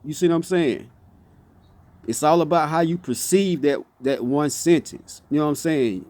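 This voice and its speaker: A motivational speaker with a fairly high, slightly mellow voice talks at a moderate pace. His casual, off-the-cuff monologue is passionate, full of repetition, stumbles and restarts, and he keeps saying "you see what I'm saying."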